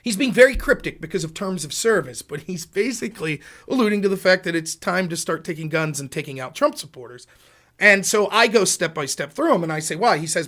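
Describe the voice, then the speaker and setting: A middle-aged man hosting a political talk show, telling stories and acting out quotes with sudden jumps in pitch and volume. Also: animated, brisk, sharp tone. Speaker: podcast host. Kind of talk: political commentary, storytelling.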